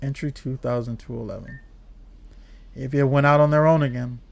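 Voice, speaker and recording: A man reading game dialogue aloud as a despairing young woman trapped in an endless world, in a flat, quiet, brooding way. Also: mid-range voice, normal speed, vocal fry, natural voice.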